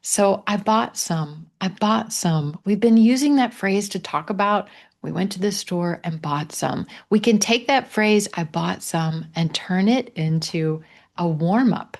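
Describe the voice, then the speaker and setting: A man with a Missouri accent teaching English pronunciation in a live online class, modeling phrases slowly for learners to repeat. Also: high-pitched, creaky. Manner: slow, drawn-out model phrases. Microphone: video call.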